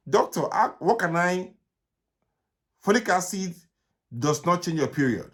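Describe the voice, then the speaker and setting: Nigerian male doctor, fairly high-pitched, fielding live questions, brisk and repetitive. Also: lively intonation. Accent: Nigerian English. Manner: brisk, repetitive advice with frequent "okay?". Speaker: gynaecologist answering live viewer questions. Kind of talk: live Q&A stream.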